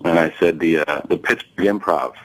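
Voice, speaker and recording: On a low-quality recording, a male comedian appearing as a talk-show guest tells a profane, animated story at a moderate pace in a low voice. He acts out what people said and laughs as he goes.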